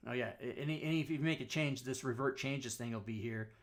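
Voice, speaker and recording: Talking fast in a mid-range voice, this talk show host walks his live-stream audience through software. He's chatty and rambling, frequently stopping to correct himself.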